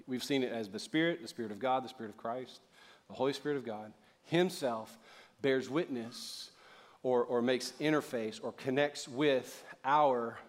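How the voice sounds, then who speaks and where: A middle-aged man preaching a sermon in church, talking casually and joking, then building up to loud, fervent preaching. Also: mid-range voice. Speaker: pastor.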